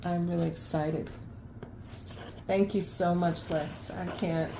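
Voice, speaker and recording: A woman unboxing plants in a casual vlog at home, gushing with excitement and laughing often. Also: fairly low pitch, slow, creaky, reverberant, background noise. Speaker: plant vlogger. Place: home, unpacking at the sink.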